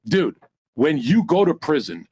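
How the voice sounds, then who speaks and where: A man on a podcast panel telling crude, boastful stories, loud and profane, dropping into mock voices for other people. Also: fairly high pitch, sing-song, unhurried, slight background noise.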